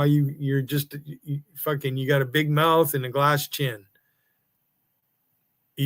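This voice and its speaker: A man with a slightly high, somewhat bright voice rants angrily on his livestream. As a streamer, he taunts and curses at rival streamers and chatters in a profane, furious tirade.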